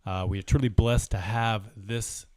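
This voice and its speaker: Man co-hosting a sports podcast, low voice. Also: steady tone, unhurried, a little mellow, no echo, studio quality. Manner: earnest, mock-mournful, stumbles and restarts. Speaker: podcast co-host. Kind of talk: casual sports podcast chat.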